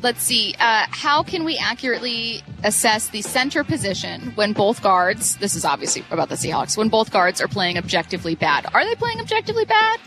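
A woman's voice: fairly high pitch, sing-song, fairly bright tone, soft background music, poor audio. A woman co-hosting a sports radio show, chatting casually, teasing her co-hosts and laughing often. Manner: playful, teasing, quick laughs.

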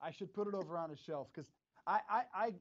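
A man's voice: high-pitched, a little fast, no echo, muffled recording. A man co-hosting a sports podcast from his home studio, joking in a dry, mock-serious way. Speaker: podcast co-host. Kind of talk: casual sports podcast banter.

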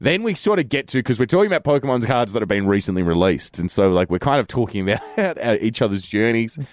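An Australian man, a young adult co-host, telling stories in casual radio banter with animated swings and laughs. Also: mid-range voice, quick pace, no room sound, studio quality. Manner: animated, storytelling with bursts of laughter.

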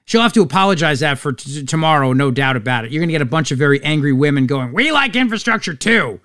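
A man's voice: mid-range voice, fast talker, a bit bright, smooth, no echo, studio quality. A man hosting a talk show, giving opinionated commentary in a sarcastic, mocking manner. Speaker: radio talk show host.

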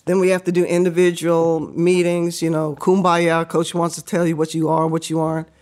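An older woman and former basketball player telling stories as a podcast guest, animated and laughing, acting out what people said. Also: on the low side, moderate pace. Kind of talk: casual storytelling interview.

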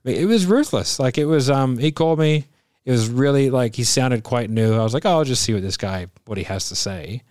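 Animated storytelling man, dry close mic. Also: mid-range voice, a little fast, no room sound. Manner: animated storyteller, acts out quoted voices with laughs. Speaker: podcast host. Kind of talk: casual chat.

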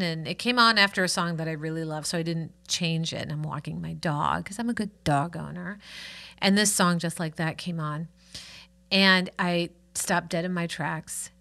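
A woman co-hosting a podcast in casual chat, her voice sitting a little low yet crisp and bright. She tells stories with a chatty, eager enthusiasm. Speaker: podcast co-host.

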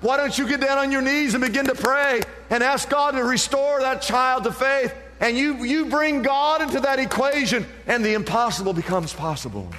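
A man preaching a sermon as pastor, with impassioned delivery that climbs higher on the points he presses. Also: normal speed, few pauses, pushed and bright, long reverb tail, a little hiss or hum. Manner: impassioned preaching, rising pitch on emphasis.

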